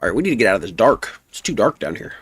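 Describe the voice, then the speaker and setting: A man streaming a game live, chatting in an easygoing, rambling way and reading his chat aloud, with a rough voice. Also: fairly low pitch, sing-song, very fast, fairly bright tone, dry recording. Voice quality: rough, gnarly voice.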